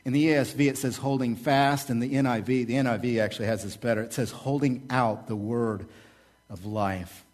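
A man, the pastor, preaching a sermon with energetic, repetitive rhetoric and casual asides. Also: medium pitch, brisk.

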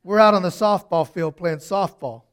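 Man, preacher, high voice, animated storytelling, soft-to-loud swings. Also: normal speed, clean tone. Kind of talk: sermon with personal stories.

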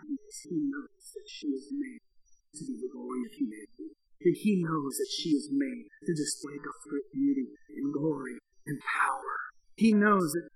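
A man preaching a sermon, telling stories in an animated way and acting out the people he quotes. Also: fairly high pitch, rough recording. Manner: animated storytelling with acted quotes. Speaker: pastor.

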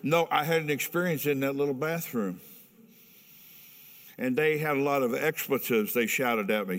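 A man's voice: medium pitch, moderate pace, a bit bright. Earnest older man in a reverberant hall. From Ohio, USA. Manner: earnest and candid, breaking into chuckles. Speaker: speaker giving a personal testimony. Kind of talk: personal testimony storytelling.

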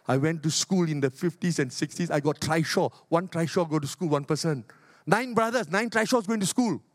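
An older Singaporean pastor with a Singaporean English accent delivers a sermon, shifting between loud exhortation and quiet, low asides. He speaks at a moderate pace, and the studio-quality recording has no echo.

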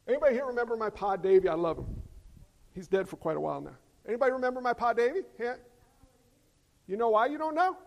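A man preaching a sermon as pastor, animated, swinging from loud exclamations to hushed emphasis. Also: high-pitched, fairly quick, vocal fry. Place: church sanctuary. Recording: long hall reverb.

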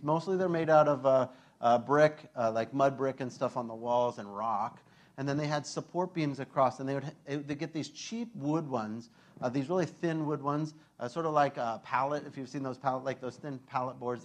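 A man preaching a sermon in an animated, conversational way with many fillers. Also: fairly high pitch. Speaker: pastor.

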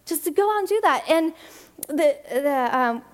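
A woman's voice: high-pitched, animated. A woman who directs a church's family and children's ministry gives a chatty talk to the congregation, laughing often and acting out the voices she quotes. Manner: rushed bursts of speech with restarts.

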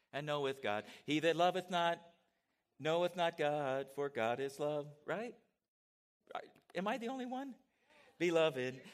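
A middle-aged man preaching a sermon in a church, animated and conversational, with asides to his congregation. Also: fairly high pitch. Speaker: pastor. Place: church sanctuary.

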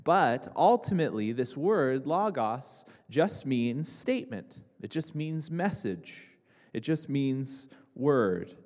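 A young man preaching a sermon to a congregation, talking casually with restarts and asides. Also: a little high. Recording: reverberant hall.

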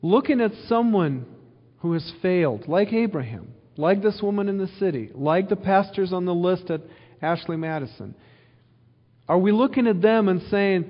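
Male pastor, sermon, earnest and repetitive, somewhat high voice, long reverb, muffled sound. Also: animated, moderate pace. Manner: earnest preaching with repetition and rhetorical questions.

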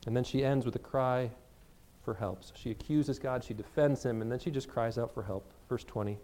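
A man preaching a sermon, reading scripture verses slowly and then explaining them in plain, conversational words. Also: medium pitch, fairly even intonation, dark tone. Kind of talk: expository sermon.

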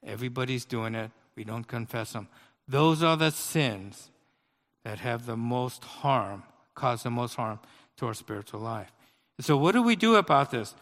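A man preaching a sermon, telling a personal story with big swings between loud outbursts and quiet asides. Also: mid-range voice, expressive, unhurried, big-room sound.

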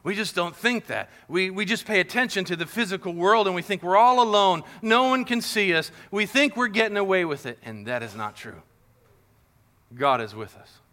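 Bright peppy guy preaching to kids, kinda high voice, acts stuff out. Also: moderate pace. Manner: animated, playful, acting out scenes. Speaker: pastor. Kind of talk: sermon to kids and families.

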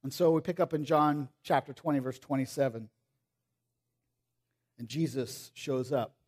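A man preaching a sermon, animated, acting out quoted voices and dropping to soft pleading. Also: medium pitch, normal speed. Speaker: pastor.

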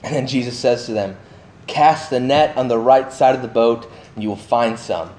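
A man giving a sermon, animated and full of questions to his listeners, acting out the voices of the people in his story. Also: medium pitch, moderate pace, roomy sound. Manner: animated, acts out voices of the disciples; asks the listeners many questions. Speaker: pastor.

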